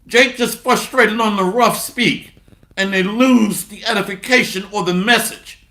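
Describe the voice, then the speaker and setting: A high-pitched man preaches slowly with a gravelly edge. His tone is bright and sharp, blunt and mocking as he reads scripture and drives his points home, in a roomy, echoing space. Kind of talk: sermon with scripture reading.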